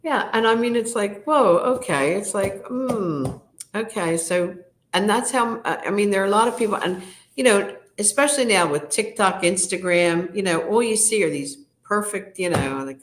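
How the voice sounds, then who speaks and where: A woman in her fifties, a guest in an interview, telling candid personal stories in a frank, animated way with many fillers. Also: medium pitch, normal speed.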